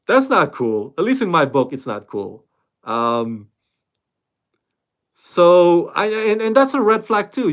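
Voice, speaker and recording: A man hosting his own online reaction channel, talking casually to camera in a loose, animated way, with lots of fillers and restarts. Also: fairly high pitch. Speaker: YouTube reaction host.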